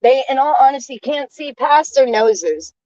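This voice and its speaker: A woman vlogging a casual monologue, airing grievances in an indignant rant that stops and restarts in halting pauses. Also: high-pitched, lively intonation, dark tone, no echo, dull audio, soft background music.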